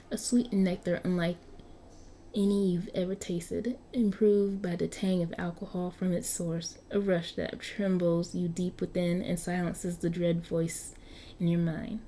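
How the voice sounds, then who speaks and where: A woman's voice: lowish voice, warm tone, a little hiss or hum. A woman reading an interactive story aloud, often stumbling and restarting over words, with chatty asides to her viewers. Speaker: story narrator.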